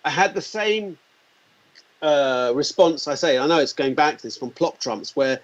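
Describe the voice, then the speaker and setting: A man in his forties telling animated anecdotes as an interview guest, acting out the quotes. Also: on the high side, normal speed. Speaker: guest, company founder. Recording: dull lo-fi sound.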